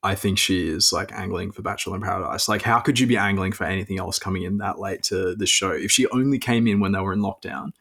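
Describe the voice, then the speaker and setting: A man's voice: sits low, quick pace, few pauses, fairly bright tone, slightly rough. A man as a podcast guest in casual chat, rambling and opinionated with lots of filler words.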